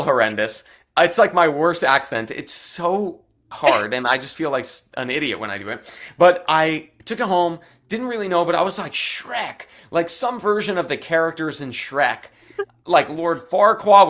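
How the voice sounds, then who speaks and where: A young adult man from Arizona, an actor telling stories as a guest, animated and chatty with lots of "like" fillers. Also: on the high side. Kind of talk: casual storytelling in interview.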